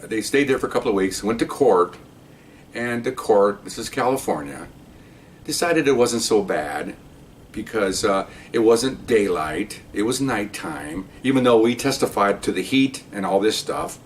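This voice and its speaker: Older male ex-cop storyteller, rambling and casual, distant mic, faint rumble. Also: animated, moderate pace. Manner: rambling, tags remarks with "okay?". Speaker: retired police officer storyteller.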